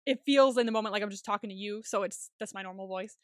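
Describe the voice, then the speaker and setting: A woman's voice: medium pitch, fast, dry recording. Chatty young woman podcaster, dry close mic. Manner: chatty, laughs often, swears casually. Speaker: podcast co-host. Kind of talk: casual chat.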